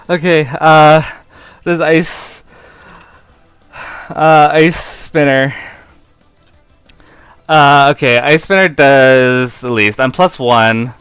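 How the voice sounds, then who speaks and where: A man giving live gameplay commentary in an excitable way, often breaking into helpless laughter, on a close, dry mic. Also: a little high, drawn-out words, pauses often, smooth, no echo. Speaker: competitive game player and video creator.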